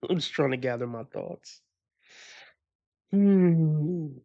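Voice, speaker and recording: A man's voice: medium pitch, a little fast, dull audio. A man, hosting a casual commentary stream. He talks emphatically and profanely, and laughs at the lines he quotes mockingly. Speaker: channel host.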